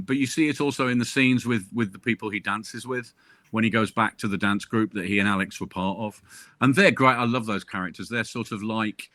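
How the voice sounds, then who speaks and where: Bright, jokey man on a call. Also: on the low side, no echo. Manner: jokey, chatty storyteller. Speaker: crime novelist discussing his book. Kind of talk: casual video-call chat.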